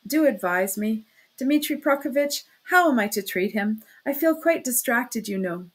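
With a high-leaning, expressive voice and moderate pace, a woman narrates a classic novel, giving voice to a jittery older mother. That character is timid and flustered, constantly breaking into exclamations.

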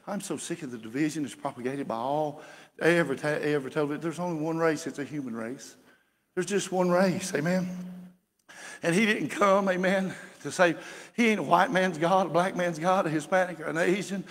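A man preaching a sermon as pastor, folksy and building to shouts. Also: a little high, brisk, big-room sound. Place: church sanctuary.

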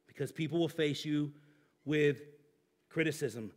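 A man's voice: fairly high pitch, a little slow. A man, a pastor, preaching a sermon in a conversational, emphatic way with everyday examples.

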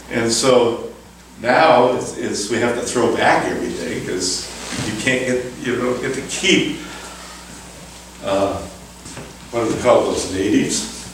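An older man, a former fishing boat skipper, telling folksy stories to an audience, chuckling and acting out the voices in a high excited tone. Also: slight background noise. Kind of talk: storytelling lecture. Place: town hall lecture room. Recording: echoey hall, far from mic.

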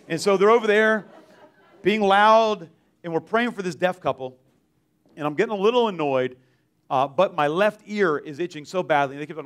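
A man's voice: a little high, lively intonation, brisk. A man giving a casual, rambling testimony at a church service, full of "like"s and restarts. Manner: rambling, filler-heavy, many "like"s and restarts. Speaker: mission trip team member giving testimony.

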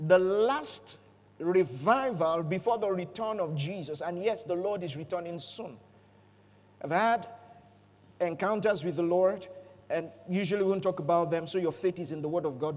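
High-voiced pastor preaching in a hall. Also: male voice, normal speed. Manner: animated, playful storytelling with jokes and call-outs to the congregation. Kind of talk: sermon. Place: church auditorium.

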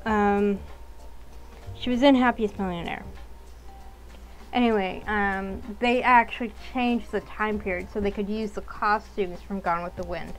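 A woman's voice: medium pitch, fairly even intonation, a little slow, faint music behind, poor audio. A young woman chatting casually while playing a story game, rambling along with frequent ums. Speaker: game streamer.

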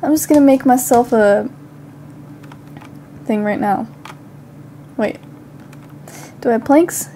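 Speaking slowly and pausing often, a young woman with a slightly high, dark-toned voice narrates her gameplay casually while a light hiss or hum runs underneath. She hosts a gaming channel, seems a bit sick with the odd cough, and mutters to herself before erupting in panic.

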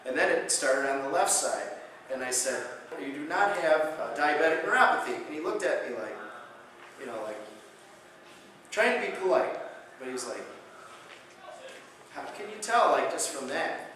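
A man's voice: on the high side, normal speed, a little hiss or hum. A man, a chiropractor, giving a conference lecture, telling a patient story and acting out the voices in it. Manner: animated storyteller, acts out patient quotes loudly. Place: conference hall. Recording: echoey hall, distant mic.

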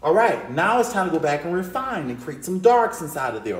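A man teaching a drawing lesson on video, coaching with energetic, repetitive chanting of each step. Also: fairly high pitch, fairly quick, far from the mic. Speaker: art teacher. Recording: echoey room, voice off-mic.

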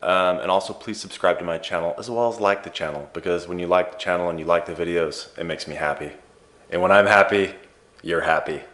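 A man with a deep, low voice hosts an advice channel and walks viewers through the material. His talk is casual and chatty, and he drops in playful joking asides as he explains. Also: fairly quick, fairly bright tone. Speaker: host of a sleep therapy advice channel.

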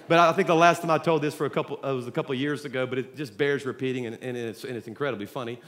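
A man's voice: mid-range voice, steady tone, very fast, a bit bright. A man, preaching a sermon as pastor of a church, talking to the congregation in a casual, joking way. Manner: conversational storytelling preacher, jokes with congregation. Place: large church auditorium. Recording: reverberant church hall.

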